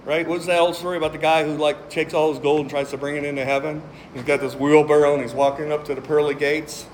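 A man's voice: a little high, quick pace, slight background noise. A man preaching a sermon, reading scripture aloud with emphasis and cracking jokes between verses. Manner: animated, joking, reads scripture aloud with emphasis.

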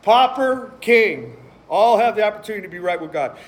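A man's voice: sits high, moderate pace. A man preaching a sermon, reading scripture aloud with emphasis and cracking jokes between verses. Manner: animated, joking, reads scripture aloud with emphasis.

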